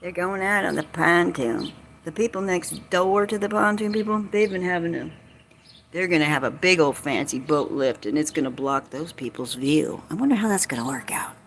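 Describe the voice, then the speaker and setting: Outdoors by a lake, a vlogger with a Southern US accent rambles casually on her livestream in a lowish voice at a moderate pace. There's slight background noise, and she's jokey, folksy and a little salty.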